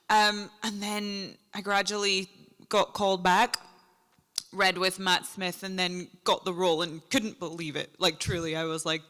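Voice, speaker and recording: A Scottish woman in her thirties chats on a convention stage. She is self-deprecating and quick to laugh, with a bright, lively tone. Her voice rings with the long reverb of a big hall. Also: medium pitch. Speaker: guest actor. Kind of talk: casual convention Q&A. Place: large convention main stage.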